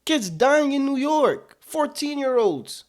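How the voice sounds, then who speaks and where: High-pitched man giving emphatic commentary. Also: big pitch swings, takes it slowly. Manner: emphatic, repetitive, indignant. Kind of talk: political commentary.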